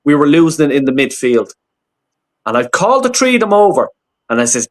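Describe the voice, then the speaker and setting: A man's voice: fairly high pitch, big pitch swings, brisk, long pauses. A man hosting a casual football reaction live stream, blunt and swearing freely. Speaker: streamer host.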